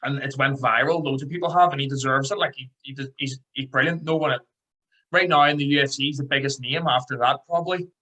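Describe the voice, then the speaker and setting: Scouse male podcast host, quick bright delivery, excitable chat. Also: medium pitch, rough recording. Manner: fast, excitable storytelling. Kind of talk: casual interview chat.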